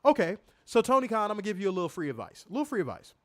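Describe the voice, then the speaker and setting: A man with a high, somewhat bright, sing-song voice speaks very fast while hosting a live wrestling review, swearing casually, repeating himself, and reading comments from viewers. There's no echo.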